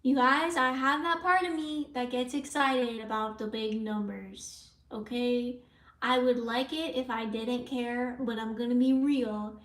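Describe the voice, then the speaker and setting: A woman's voice: fairly high pitch, fairly even intonation, measured pace, fairly bright tone, recorded from a distance. A woman live streaming at home, chatting casually and answering viewers' comments aloud in a rambling way. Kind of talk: casual livestream chat with viewers. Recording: roomy sound from away from the mic.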